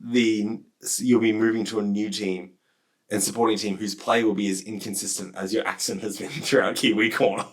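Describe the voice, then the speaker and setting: A man's voice: lowish voice, level tone, fairly quick. A young man co-hosting a casual podcast, dry and teasing. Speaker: podcast co-host.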